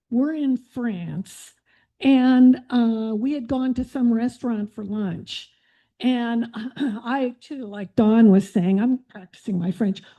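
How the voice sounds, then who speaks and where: A woman telling a funny travel mishap to a club meeting in an animated way. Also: a little high. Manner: animated, laughing storyteller. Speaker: club member. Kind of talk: casual anecdote telling.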